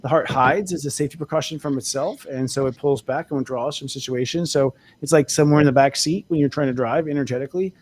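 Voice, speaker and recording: A man's voice: medium pitch, fast, hardly any pauses. A man co-hosting a casual spiritual talk show, speaking candidly as an astrologer and laughing often. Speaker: co-host, astrologer.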